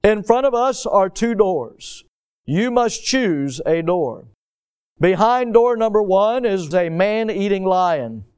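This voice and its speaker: A man, a pastor delivering an earnest sermon and slowing down to stress key phrases. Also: sits high, expressive, darkish tone, clean tone. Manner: earnest preaching, slows for emphasis on key phrases.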